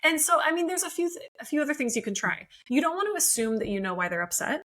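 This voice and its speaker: Bright-voiced woman therapist on a podcast. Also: high-pitched, very animated, quick pace, poor audio. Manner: friendly, explanatory, laughs easily. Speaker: marriage and family therapist guest. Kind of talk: podcast interview.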